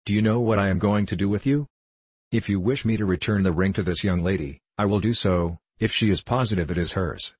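A man voicing a rough, rude train conductor who snaps and sneers, in a storybook reading. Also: on the low side, brisk, darkish tone, dry recording. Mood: gruff. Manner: sneering, snappish.

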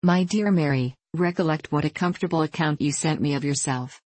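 A gentle, sensible young woman, as a woman reader puts her on speaks calmly and reasonably in a storybook reading. The voice is low and recorded dry and close. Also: brisk, no echo. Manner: calm, reasonable.

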